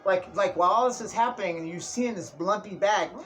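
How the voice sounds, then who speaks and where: A young man with a somewhat high voice tells a rambling comic story, swearing freely and calling his listener dude and bro. A faint hiss of room noise sits under him. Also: brisk. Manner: profane, slangy, keeps saying dude and bro. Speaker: vlogger. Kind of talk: casual comedic storytelling. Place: indoors, Tijuana area.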